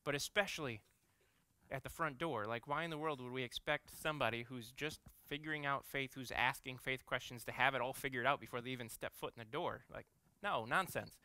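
A man's voice: medium pitch, fairly quick, pushed and bright, dry recording. A man in his thirties, an executive pastor, giving a conversational sermon full of playful, self-mocking family stories.

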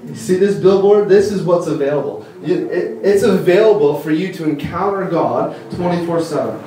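A man's voice: fairly high pitch, moderate pace, mellow. A young man giving a casual, rambling sermon at a conference, full of fillers and enthusiastic stories. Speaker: conference speaker. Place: church hall. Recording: echoey hall from far off.

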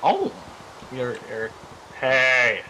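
Man, gamer in a group call; lively, bright, jokey, stumbles over words. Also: medium pitch, extremely slow, slight background noise, rough recording. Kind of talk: casual group gameplay chat.

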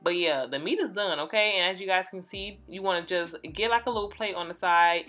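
A young adult woman casually walking viewers through a recipe in her home kitchen, chatty and relaxed. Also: on the low side, fairly quick. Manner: chatty, relaxed, addresses viewers as y'all and you guys. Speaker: cooking vlogger. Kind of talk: casual cooking tutorial. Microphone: phone camera.

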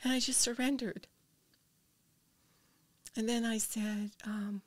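A woman's voice: a little high, steady tone, takes it slowly, long pauses, dry recording. An older woman, a podcast guest, earnestly telling a personal story and dropping to a whisper at tense moments.

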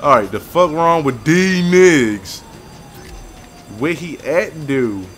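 A young man swearing and venting through gameplay commentary, with loud outbursts that sink into low, weary muttering. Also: lively intonation, takes it slowly, a little hiss or hum. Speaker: gaming YouTuber.

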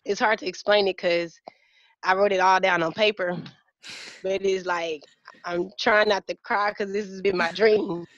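A woman's voice: mid-range voice, steady tone, normal speed, fairly bright tone, dry recording, highs cut off. A young woman speaking earnestly and passionately as a guest in an interview over a video call. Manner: earnest, impassioned, Southern-tinged casual speech. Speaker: nonprofit founder, guest. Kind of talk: emotional interview talk.

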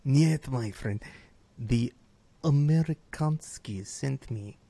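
Dark, slow-talking accented professor, as a man puts him on, comedy sketch. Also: medium pitch, gravelly, no room sound. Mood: grave. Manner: slow, heavily accented, broken speech. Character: slow, grave male professor with a heavy accent.

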